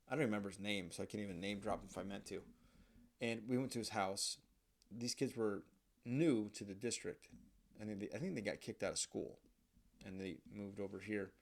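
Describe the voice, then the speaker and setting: A man's voice: medium pitch, darkish tone. A young man, host of his own show, telling candid stories in a rambling, profane, casual monologue. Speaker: podcast host.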